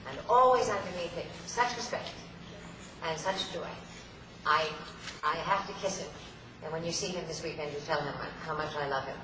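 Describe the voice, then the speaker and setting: A woman's voice: low-pitched, normal speed, noisy background. A woman telling theatrical, playful anecdotes to a convention audience, laughing often, from a stage in a large hall. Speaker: convention guest speaker. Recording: echoey hall, voice far from mic, loud ambience.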